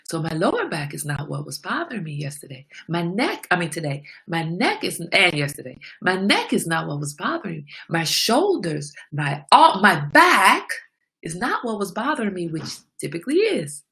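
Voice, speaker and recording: A middle-aged woman hosting her own show, giving a candid, preachy motivational talk about slowing down. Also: mid-range voice, big pitch swings, a bit bright. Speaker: host. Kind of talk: casual motivational monologue.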